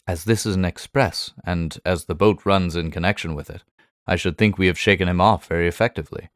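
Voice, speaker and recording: An earnest, loyal middle-aged doctor, as a man voices him, answers in short, easily alarmed exclamations. His voice is low and the recording dry and close. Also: a little fast, no room sound, natural voice. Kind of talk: audiobook character voice.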